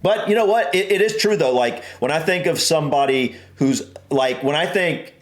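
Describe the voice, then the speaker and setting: A man's voice: on the high side, normal speed, roomy sound. A man from the American South with a Southern accent, co-hosting a casual reaction video and chatting playfully. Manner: animated, playfully trying out put-on posh and Southern voices.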